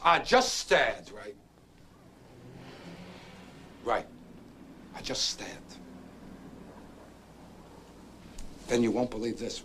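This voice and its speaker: A man's voice: lowish voice, fairly bright tone, slight background noise, heavily acted. An actor playing a restless, boastful young man who rambles through a racetrack story and keeps prodding his listener with "right?". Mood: worked up. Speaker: actor in a film drama. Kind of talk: stage-play film acting.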